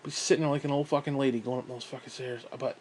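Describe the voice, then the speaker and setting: A man's voice: medium pitch, fairly even intonation, fast talker, slight background noise. A man telling a rambling story in a casual monologue, swearing often, exasperated and mocking himself, with frequent sighs. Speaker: vlogger.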